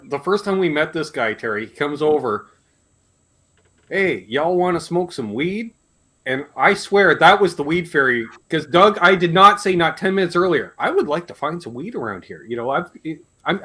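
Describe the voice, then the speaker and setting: A Canadian man hosting a casual live chat, telling animated stories and swearing freely. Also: fairly high pitch, breathy edge. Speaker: host.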